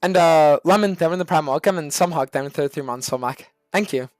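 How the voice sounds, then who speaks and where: A man's voice: a little high, fast talker, dry recording, soft background music. A male streamer ranting on a live stream, swearing and arguing hard with chat. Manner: profane, ranting, argumentative.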